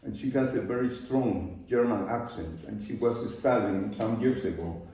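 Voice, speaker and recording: An older man from Peru with a Peruvian Spanish accent, a native Spanish speaker, giving an unhurried live talk with loose grammar and frequent pauses. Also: fairly low pitch, mellow. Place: large art studio. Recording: very echoey room from far off, dull.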